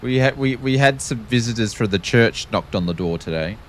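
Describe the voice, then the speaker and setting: A man's voice: mid-range voice, animated, fairly quick, a little hiss or hum. An Australian man streaming a flight sim, chatting casually with jokey, rambling, self-deprecating asides. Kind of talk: casual live-stream chat.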